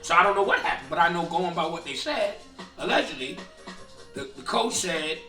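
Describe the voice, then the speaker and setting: A man co-hosting a casual chat show, animated and profane, often restarting his sentences. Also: fairly high pitch, fairly quick, reverberant, distant mic, faint music behind. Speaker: podcast co-host.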